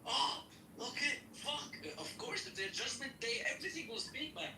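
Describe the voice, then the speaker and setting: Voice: sits high, expressive, moderate pace, roomy sound, background noise. A speaker in a heated online debate, pleading to be heard and exasperated. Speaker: debate participant.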